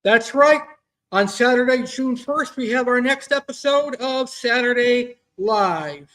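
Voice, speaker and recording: A man's voice: very high-pitched, lively intonation, unhurried, pushed and bright. A man hosting an amateur online show, talking in an upbeat, enthusiastic way. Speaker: show host. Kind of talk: casual hosting.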